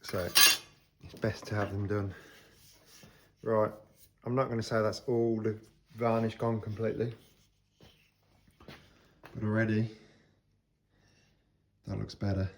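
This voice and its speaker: A man's voice: lowish voice, takes it slowly, pauses often. A man talking casually as he restores old hand planes, explaining each step while he works in his workshop. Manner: relaxed, explains while working with hand tools. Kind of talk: casual workshop talk to camera. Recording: workshop with clear scraping and rasping noise behind.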